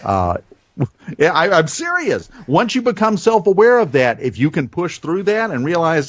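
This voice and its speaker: A man with a softened Southern American accent, a veteteran radio host being interviewed, telling stories and deliberately shifting his speed and pitch. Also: husky, no echo, highs cut off. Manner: animated storyteller, varies speed and pitch deliberately. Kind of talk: conversational podcast interview.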